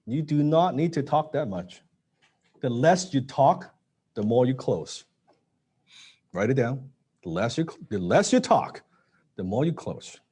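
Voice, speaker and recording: A man teaching a live sales training, blunt and casual, swearing now and then and dropping low to stress points. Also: lively intonation, unhurried, pauses often, mellow, husky. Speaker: sales coach.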